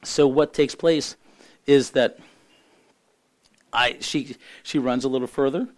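A middle-aged man preaching a sermon as a pastor, hoarse from losing his voice, earnest and halting with frequent restarts. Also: mid-range voice, fairly even intonation.

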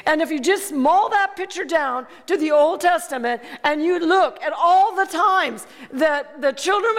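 A woman's voice: very high-pitched, in a large hall. A woman preaching a sermon, emphatic and calling out to the congregation for amens.

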